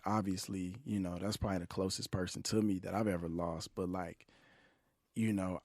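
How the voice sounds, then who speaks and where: Host: a man with a lowish voice, earnest and laid-back, recorded dry in a studio. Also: a little mellow, no room sound. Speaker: podcast host. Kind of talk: casual interview chat. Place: podcast studio.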